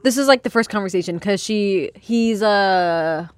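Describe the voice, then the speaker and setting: A young woman vlogging casually by her chicken coop, rambling and swearing as she hushes her hens. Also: mid-range voice, unhurried, clear, resonant tone, no room sound. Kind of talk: casual chat while reading aloud. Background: faint chicken clucking.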